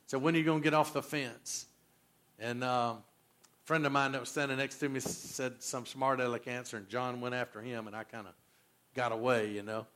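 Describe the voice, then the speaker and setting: A man, preaching a sermon as pastor, telling stories and quizzing the congregation. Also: mid-range voice. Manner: animated storyteller, quizzes the congregation.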